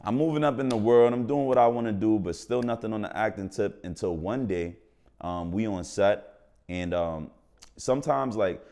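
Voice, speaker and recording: A man's voice: on the low side, normal speed. A slangy New man telling stories. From New York. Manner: slangy, animated, acts out quoted voices. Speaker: podcast guest, actor. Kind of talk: casual storytelling.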